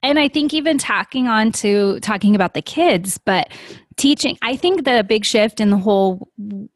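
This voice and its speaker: A woman's voice: medium pitch, expressive, normal speed, no echo, studio quality. A woman in her thirties and a mother, talking thoughtfully in a casual conversation and repeating words for emphasis.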